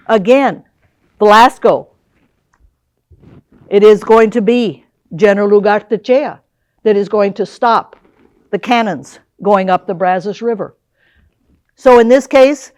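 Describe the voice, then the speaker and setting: An older woman giving a lively history lecture, often putting questions to the audience. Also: mid-range voice, no room sound. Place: lecture hall.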